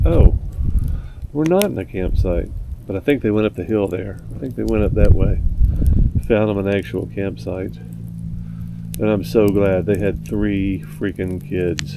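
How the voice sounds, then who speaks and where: A gruff man talks to his camera at a mountain campsite, rambling and blunt. His voice is gravelly and low, with a dark, mellow tone. Faint outdoor noise hums behind him. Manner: rambling, gruff, blunt, grumbling about neighbors. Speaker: motorcycle vlogger. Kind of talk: casual vlog monologue.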